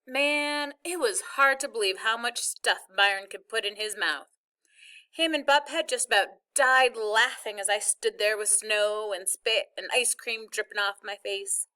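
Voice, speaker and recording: Female narrator, bright tone, slightly high, steady first-person storytelling. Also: measured pace, smooth. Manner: plain storytelling.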